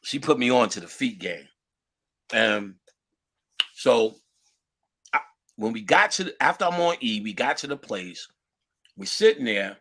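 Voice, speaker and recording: A man with a husky, slightly breathy voice that rings bright and forceful. His pitch swings widely as he tells a loose, profane story in street slang. He often slips into the voices of the people he quotes. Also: very animated, unhurried, long pauses. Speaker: lecturer. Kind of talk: casual anecdotal storytelling.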